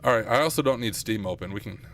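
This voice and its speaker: A young man talks casually to his live-stream viewers late at night, thinking aloud as he works and poking fun at his own mistakes. His fairly low voice is getting rough from too much streaming. Faint keyboard typing can be heard behind him at his desk mic. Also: lively intonation, quick pace, a bit bright, a little hiss or hum. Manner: thinking aloud, self-deprecating, chatty with viewers. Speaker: streamer, penetration tester. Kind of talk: casual live-stream talk while working. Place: home computer room at night.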